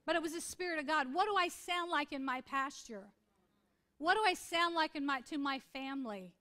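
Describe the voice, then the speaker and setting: A woman's voice: sits high, brisk, bright, forceful tone. A woman pastor in her forties preaching a sermon in an earnest, conversational way, repeating points for emphasis.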